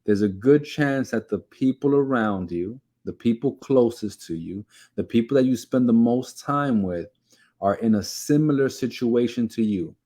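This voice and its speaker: A man's voice: medium pitch, lively intonation, moderate pace, mellow. A man from New York with a New York accent, giving conversational advice straight to his viewers and checking in with "okay?" and "right?". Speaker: keto and weight-loss video host. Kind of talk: direct-to-camera advice talk.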